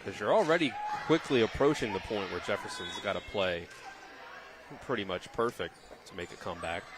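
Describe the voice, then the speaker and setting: A man giving relaxed, thoughtful color commentary on a volleyball match. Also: fairly low pitch, brisk. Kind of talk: sports analysis.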